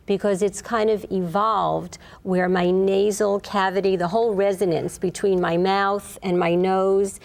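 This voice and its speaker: A woman's voice: mid-range voice, level tone, a little slow, creaky, few pauses, a little mellow. A woman dialect coach from Brooklyn with a New York accent, explaining her work on a panel. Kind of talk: panel discussion.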